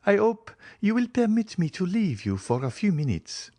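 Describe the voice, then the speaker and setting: A man voicing a young married woman who hosts her brother's guest, with a raised, excited voice. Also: high-pitched, moderate pace, no echo, pitched above the performer's own voice. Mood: polite.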